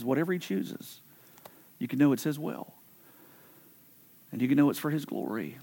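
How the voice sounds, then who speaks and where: A pastor preaching a sermon in an earnest, conversational way, often stumbling and repeating words. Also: male voice, mid-range voice, normal speed, pauses often, warm tone, husky. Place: church.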